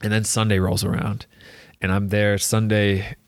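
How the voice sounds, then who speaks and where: A young male soccer player with a lowish, flat voice tells a personal story in casual chat at a moderate pace, recorded dry. He rambles, leans heavily on "like," and acts out the dialogue of the people involved.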